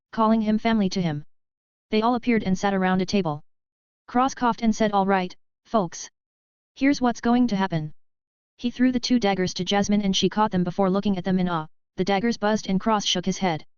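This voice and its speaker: Very clear woman narrating a novel. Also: medium pitch, a little mellow, no echo. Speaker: audiobook narrator. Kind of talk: scripted narration. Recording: dry, slightly dull lo-fi recording.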